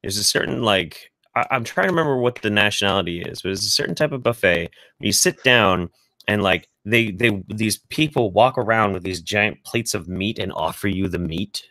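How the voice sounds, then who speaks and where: Deep-voiced rambling American man. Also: animated, moderate pace, sharp tone, no room sound. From United States. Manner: rambling, loose and profane, many restarts. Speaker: host. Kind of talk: casual streamed chat.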